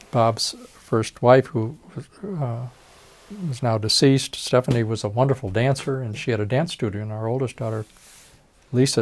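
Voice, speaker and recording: An older man telling long stories from his career, with the voices of the people he quotes acted out. His pitch sits in an ordinary middle range, and his telling is relaxed and conversational. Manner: storytelling, reenacts dialogue, chuckles. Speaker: retired facial plastic surgeon. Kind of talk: oral history interview.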